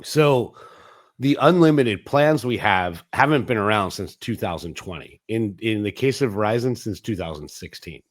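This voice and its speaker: A man's voice: on the low side, expressive, normal speed. A man speaking as a guest in a casual interview, rambling and telling stories with acted-out quotes. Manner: rambling, anecdotal, acts out quoted dialogue; frequent restarts and fillers. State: coughing at times. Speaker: guest, 5G business internet provider.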